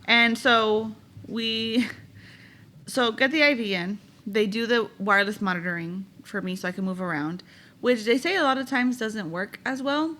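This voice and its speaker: A woman's voice: fairly high pitch, moderate pace, a bit bright. A young woman co-hosting a podcast, telling a personal story in a chatty, candid way and laughing now and then. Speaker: podcast co-host. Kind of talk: casual storytelling chat.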